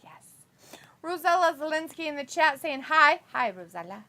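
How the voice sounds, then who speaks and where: Bright, giggly woman streamer. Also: high voice, big pitch swings, moderate pace. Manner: giggly, reads chat messages aloud, teasing. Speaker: watch-along host reading chat. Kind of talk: casual live-stream chat.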